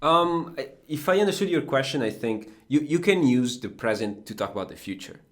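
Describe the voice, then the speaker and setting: A man's voice: medium pitch, lively intonation, a little fast. A man with an Italian accent, a native Italian speaker teaching Italian on a casual podcast, explaining patiently with fillers and restarts. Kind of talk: casual language podcast lesson.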